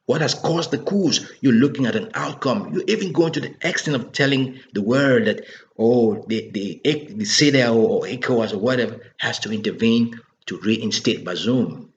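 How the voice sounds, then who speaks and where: A man speaks in an impassioned political monologue, hammering his points with repeated rhetorical questions. His voice sits at a middle pitch. The recording sounds dull and lo-fi. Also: animated, unhurried, a bit bright. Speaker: political commentator.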